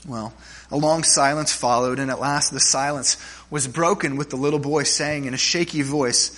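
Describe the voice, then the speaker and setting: Preaching a sermon to his congregation, this pastor speaks at normal speed in a steady, fairly bright voice on the high side. He keeps it conversational with funny stories, checks in with "right?", and restarts phrases often.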